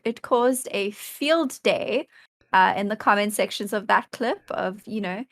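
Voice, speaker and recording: A woman's voice: fairly high pitch, fairly bright tone, dry recording, studio quality. A woman appearing as a podcast guest, chatting in a laid-back and amused way. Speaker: streamer guest. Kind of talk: casual interview chat.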